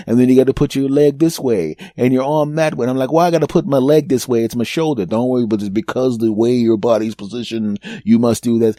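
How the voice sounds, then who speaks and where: Podcast host, man, fifties, warm mellow tone, dry close sound, rambling self-mocking storyteller. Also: mid-range voice, dry recording. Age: 50s. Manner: animated, rambling, self-mocking, repeats words for emphasis. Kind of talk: comedic storytelling monologue.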